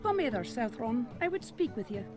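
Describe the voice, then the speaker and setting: A woman's voice: fairly high pitch, big pitch swings, fairly quick, over music. A female actress voicing a proud young woman hunter in a game, formal and commanding.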